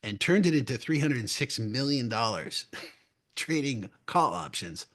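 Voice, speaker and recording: A middle-aged man co-hosts a casual trading podcast. He tells long, meandering stories, restarts his sentences often and chuckles along the way. His voice sits at an ordinary middle pitch. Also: big pitch swings, a little slow, fairly bright tone. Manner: rambling storyteller, chuckles often, frequent restarts. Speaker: podcast co-host. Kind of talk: casual chat.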